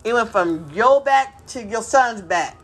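A woman's voice: fairly high pitch, animated, a little slow. Profane, confrontational woman podcaster. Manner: mocks others in quoted voices. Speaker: podcast host. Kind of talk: angry unscripted monologue.

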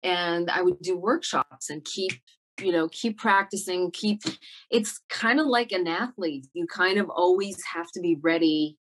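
A woman's voice: lowish voice, a little slow, a little hiss or hum. A woman actor being interviewed, talking casually and reflectively, with many fillers and restarts. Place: Montreal.

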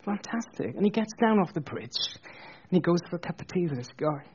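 A man preaching a sermon, telling a story in an animated, chatty way with jokey asides. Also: sits high, fairly quick, muffled recording, a little hiss or hum.

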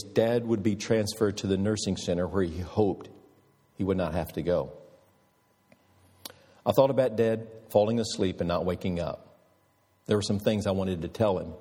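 Husky-voiced man preaching in a hall. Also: lowish voice, a little slow, long pauses, mellow. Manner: earnest, emotional storytelling with pleading appeals. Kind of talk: sermon storytelling. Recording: reverberant hall.

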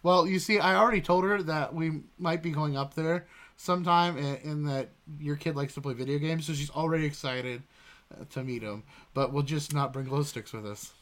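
A man with a bright, slightly raised voice, co-hosting a casual podcast. He rambles through stories, stops often for fillers, and keeps things loose and chatty. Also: fairly high pitch, normal speed. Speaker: podcast co-host. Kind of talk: casual chat.

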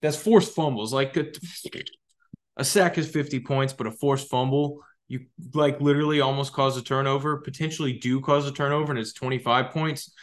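A young man riffs about his fantasy football league on his own show, rambling and excitable. He swears freely and jokes his way through complaints. His voice sits at an ordinary middle pitch. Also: normal speed. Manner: rambling, excitable, profane, jokey. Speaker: podcast host. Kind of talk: casual solo fantasy football talk.

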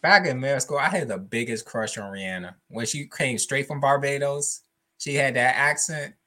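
A man's voice: mid-range voice, moderate pace, sharp tone. A man co-hosting a casual chat, easygoing, laughing and acting out other people's lines. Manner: easygoing, laughs often, acts out quoted people. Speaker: podcast co-host.

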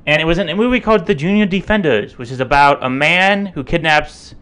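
A man's voice: on the high side, brisk, a bit bright, clear, resonant tone. A man co-hosting a podcast, chatty and playful, often laughing. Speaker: podcast co-host. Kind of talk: casual chat.

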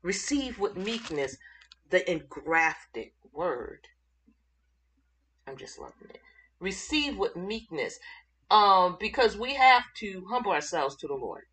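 A woman giving an informal Bible teaching, excited and halting as she searches for verses mid-thought. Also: on the low side, husky.

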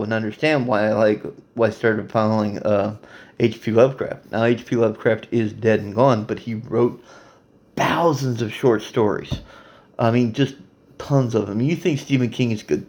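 A man's voice: lowish voice, a little mellow. A man hosting a solo podcast, rambling in a crude, casual way and laughing often. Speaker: podcast host.

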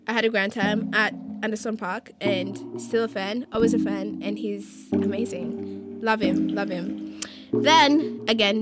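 Chatty young woman over loud music. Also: a little high. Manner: animated, slangy, quick asides. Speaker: vlogger. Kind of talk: casual story-time chat.

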